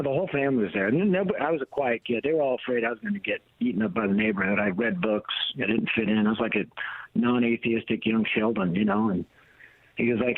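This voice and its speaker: A man's voice: medium pitch, fast talker, dry recording. Blunt middle-aged man on a tinny phone line. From United States. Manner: emphatic, blunt storyteller with a preacher's cadence. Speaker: guest, ministry leader and author. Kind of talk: personal testimony on a radio talk show. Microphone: phone call into the studio.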